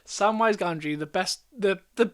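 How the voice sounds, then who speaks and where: A man in a casual podcast chat, chiming in with quick prompts and reminders. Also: sits high.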